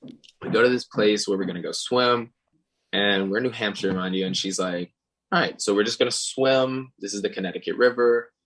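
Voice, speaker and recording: A man's voice: fairly low pitch, normal speed, poor audio. A young man telling a story in casual chat, acting out other people's lines. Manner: animated, acts out quoted voices. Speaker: podcast guest and singer.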